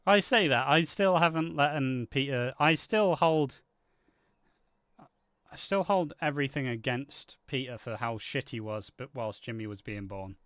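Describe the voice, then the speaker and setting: A man's voice: medium pitch, unhurried, fairly bright tone, clear, resonant tone, dry recording, studio quality. A man co-hosting a live watch party, chatting bluntly with frequent swearing and laughter. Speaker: co-host reacting to a soap episode. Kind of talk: casual watch-party chat.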